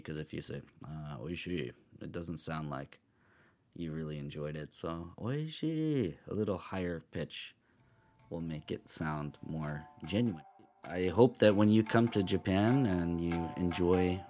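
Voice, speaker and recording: A man hosting a podcast, giving a spoken language lesson and patiently repeating each phrase slowly several times. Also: sits low, a little mellow. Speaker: podcast host teaching travel phrases.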